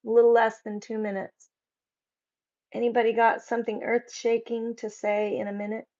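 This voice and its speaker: A woman hosting a casual live chat, reading out viewers' comments and joking around with a quick laugh. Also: on the high side, level tone, mellow. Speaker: livestream host. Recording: slightly dull lo-fi stream audio.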